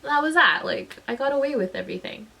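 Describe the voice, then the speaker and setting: A mother and vlogger in a casual storytelling vlog, talking in an animated way and acting out the voices of people in her story. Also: high voice, quick pace, vocal fry, poor audio. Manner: animated, acts out quoted voices.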